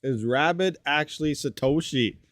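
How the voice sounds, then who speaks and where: A man's voice: fairly high pitch, moderate pace, a bit bright, no echo, studio quality. A man hosting a casual live stream, chatty and joking, greeting viewers by name from a desk mic at his workstation. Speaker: livestream host.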